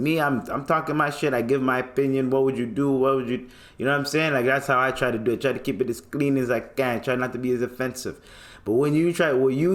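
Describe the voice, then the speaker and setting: A man's voice: medium pitch, fairly bright tone. A young man from Canada hosting a casual podcast monologue, joking and swearing freely. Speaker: podcast host.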